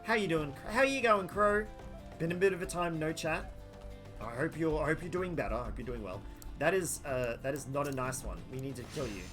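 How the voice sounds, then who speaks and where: A man's voice: mid-range voice, brisk, soft background music. An Australian man chatting casually with his viewers while streaming a game from home, greeting people by name. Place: home room.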